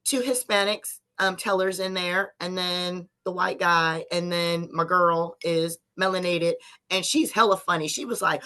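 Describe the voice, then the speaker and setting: A woman's voice: fairly low pitch, measured pace, hardly any pauses. A woman co-hosting a casual podcast chat, telling stories and acting out what others said. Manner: animated storyteller, acts out quotes in other voices. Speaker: podcast co-host.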